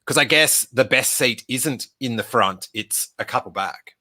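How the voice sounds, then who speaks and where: Podcast host, man in his 30s, bright voice, chatty rambling storyteller. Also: mid-range voice, unhurried. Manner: chatty, rambling anecdote with many "like" fillers. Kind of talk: live stream Q&A storytelling.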